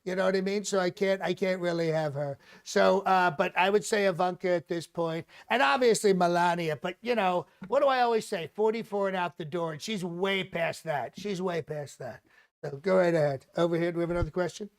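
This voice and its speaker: A man's voice: high voice, brisk. A man doing a boastful rambling old president. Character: boastful rambling male president, older, bragging. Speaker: comedian doing a live mock press conference. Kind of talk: comic impression, improvised.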